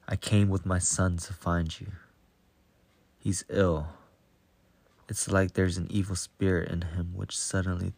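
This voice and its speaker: An anxious, pleading father, read by a man with a low, gravelly voice. He speaks slowly and flatly, with little lift even when he begs, in a dry, close recording. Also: dry recording, exaggerated voice. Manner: pleading, distressed.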